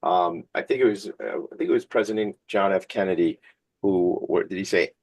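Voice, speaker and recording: Man, talk radio host, fairly low voice, chatty, rambling, jokey, studio. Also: brisk. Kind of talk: casual interview chat. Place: studio streamed on video.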